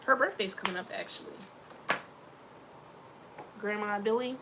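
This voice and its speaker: A woman vlogger chatting casually to camera, animated and playful, with slangy asides. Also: medium pitch, fairly quick, creaky, pauses often, background noise.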